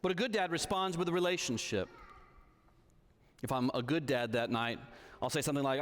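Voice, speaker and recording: A man's voice: medium pitch, brisk, pauses often, a bit bright. A man in his thirties preaching a sermon in a church hall, telling stories conversationally and checking in with his listeners. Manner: conversational storytelling, checks in with the audience.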